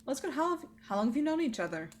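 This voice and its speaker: A woman's voice: high voice, big pitch swings, very fast, a little hiss or hum. A woman playing a tabletop game, chatting casually and laughing often. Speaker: player.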